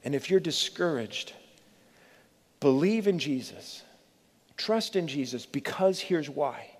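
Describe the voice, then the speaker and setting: A man's voice: on the high side, animated. Earnest preaching man, reverberant church hall. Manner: earnest, pleading preaching with dramatic pauses. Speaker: pastor. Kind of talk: sermon.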